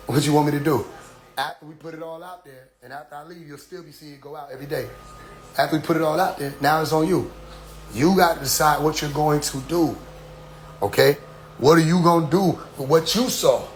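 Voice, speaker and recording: Man, middle-aged, preachy talk, "you see?" refrains, quiet asides. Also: fairly high pitch, slight background noise. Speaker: community leader addressing followers. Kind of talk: casual spoken address.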